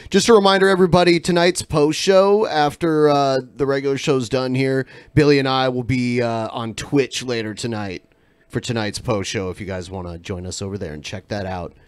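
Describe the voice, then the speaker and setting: A man's voice: mid-range voice, steady tone, normal speed, smooth, dry recording. A man hosting a podcast, casually announcing what comes next on the show. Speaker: podcast host.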